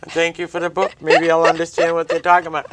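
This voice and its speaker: A local cable-TV host with a medium-pitched voice interviews a guest in a relaxed, chatty way. The host keeps jumping in to finish the guest's sentences. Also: fast, noisy background. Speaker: talk show host. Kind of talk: casual interview chat. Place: local TV studio.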